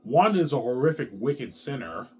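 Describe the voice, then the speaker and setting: A man in his thirties rants to the camera in a rambling, repetitive monologue full of swearing. His pitch leaps and drops all over the place, and there is a faint hum behind him. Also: big pitch swings, moderate pace, a little mellow. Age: 30s. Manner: agitated, repetitive, heavy swearing. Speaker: vlogger.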